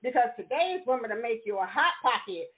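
A woman's voice: on the high side, expressive, a little fast. A woman co-hosting a podcast, teasing and profane in casual debate chat, laughing often. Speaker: podcast co-host. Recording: tinny phone-like sound.

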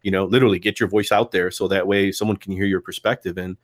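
A low-pitched man talks loosely as a podcast guest, a comics creator who wanders through stories and drops little voiced quotes along the way. His voice sits low and the sound is dry and close, with almost no room in it. The talk stays relaxed and conversational. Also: fast, no echo. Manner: rambling, storytelling with put-on quotes. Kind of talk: casual podcast chat.

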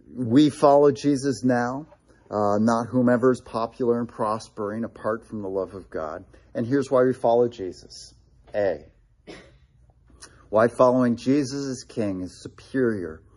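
A man preaching a sermon in an earnest manner, with quick asides and repeated restarts. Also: mid-range voice, dark tone, breathy edge. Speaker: pastor.

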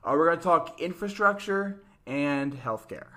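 Chatty young man, slightly high voice. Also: lively intonation, a little slow, pushed and bright. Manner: chatty, laughing, mocking impressions. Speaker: podcast co-host. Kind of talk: casual political chat.

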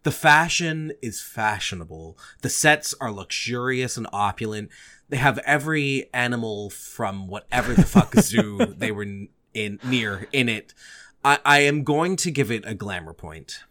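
A man co-hosts a casual podcast, joking and swearing easily as he talks. His voice sits at an ordinary middle pitch, and he often breaks into laughter. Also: lively intonation, measured pace, fairly bright tone. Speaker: podcast co-host.

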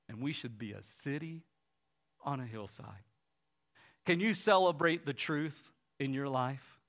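A man's voice: medium pitch, a little slow. Man preaching a story-driven sermon. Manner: retells a story with lively quoted voices, quiet and soft at the close. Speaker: pastor.

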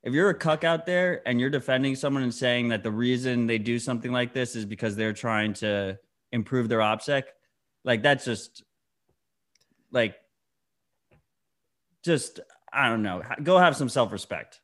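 A man's voice: mid-range voice, normal speed, fairly bright tone. A man in his thirties co-hosting a podcast, blunt and heated, swearing often in casual chat. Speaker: podcast co-host.

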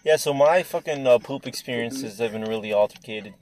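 A man's voice: medium pitch, a little fast, a little mellow. A young man chatting crudely with friends, rambling and swearing, often repeating himself and laughing mid-story. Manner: rambling, swears a lot, repeats words, laughs while telling stories. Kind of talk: crude casual chat among friends.

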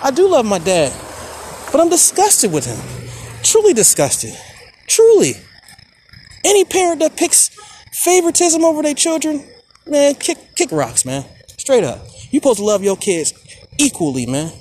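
A man in his forties from Maryland hosting a podcast, talking candidly and emotionally in slangy speech, swinging from quiet to heated. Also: very high voice, very animated, moderate pace, a little hiss or hum. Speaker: podcast host. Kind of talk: personal monologue.

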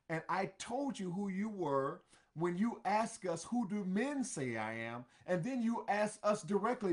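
A man voicing the apostle Peter, a devoted grown man who protests and pleads with rising emphasis. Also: sits high.

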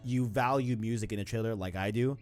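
A man's voice: fairly low pitch, brisk, darkish tone, faint music behind. A man co-hosting a casual gaming talk show, loose and slangy, often tagging on "you know what I'm saying". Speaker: podcast co-host.

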